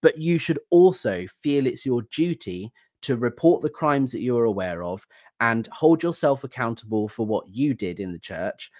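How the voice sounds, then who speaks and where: A man's voice: mid-range voice, expressive, normal speed, darkish tone, dry recording, studio quality. A man, a guest on a video chat, speaking in an earnest, firm, explanatory way. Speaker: guest, ex-member activist. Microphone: video call.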